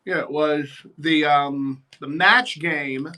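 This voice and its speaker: A man's voice: fairly high pitch, fairly even intonation, slow pace, bright, forceful tone, a little hiss or hum. A man, a drag performer and guest, chatting casually while doing makeup, sassy and theatrical.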